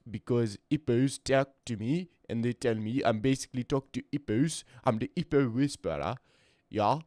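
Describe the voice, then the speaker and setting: A man's voice: mid-range voice, a little mellow, dry recording, studio quality, close to an everyday voice. Man putting on a brash South African bloke. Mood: boastful. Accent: put-on South African. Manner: rambling, exaggerated, drawn-out delivery.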